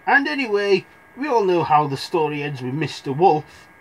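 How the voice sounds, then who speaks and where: Young man, comic fairy-tale storyteller, rambling, irreverent, slightly high, very lively pitch. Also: moderate pace. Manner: rambling, irreverent, full of asides.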